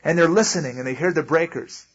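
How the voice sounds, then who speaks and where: A male pastor teaches a sermon in a loose, conversational way, stopping often to explain. His voice is a little high and husky. The recording has a dull, lo-fi sound. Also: fast talker. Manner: conversational, explains with asides and acted quotes. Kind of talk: sermon, verse-by-verse Bible teaching.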